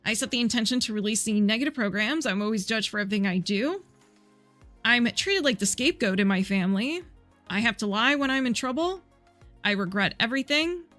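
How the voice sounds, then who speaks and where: A woman's voice: a little high, expressive, fairly quick, fairly bright tone, faint music behind. A woman running a live healing session, chatty and playful, laughing often and answering her own yes-or-no questions. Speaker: energy healer.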